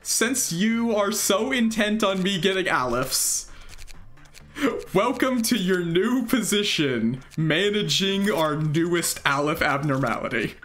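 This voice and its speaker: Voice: medium pitch, lively intonation, takes it slowly, fairly bright tone. A streamer doing casual gameplay commentary and talking with viewers, laughing often and trailing off mid-sentence.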